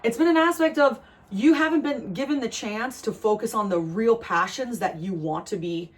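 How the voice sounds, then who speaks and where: A woman delivers a channeled tarot reading to her viewers. She is emphatic and repetitive, and her pitch leaps upward in excited bursts before it settles back into earnest reassurance. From New Jersey. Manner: emphatic, repeats phrases, swings high with excitement. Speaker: tarot reader.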